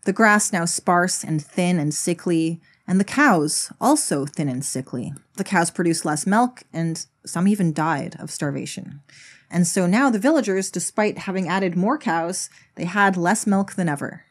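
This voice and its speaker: A woman's voice: fairly low pitch, a little slow. A woman narrating an explanatory video essay, telling a story in a wry, conversational way.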